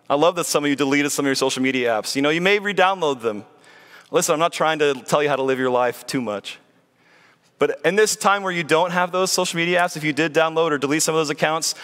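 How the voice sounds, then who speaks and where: A man with a high, bright voice preaches a sermon in a church sanctuary, and his words ring out with a long hall reverb. His delivery is earnest and pleading, full of rhetorical questions aimed at the congregation.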